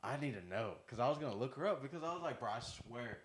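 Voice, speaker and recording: A man's voice: medium pitch, fast talker. A young man telling stories in a casual podcast chat, acting out what people said to him. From Texas. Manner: animated storytelling, acting out quotes. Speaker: podcast guest.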